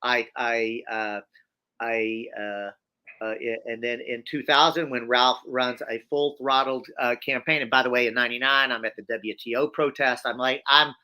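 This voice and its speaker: A man being interviewed as a guest tells his story in an animated, emphatic way, often restarting and repeating phrases. His voice is medium-pitched and smooth, at normal speed.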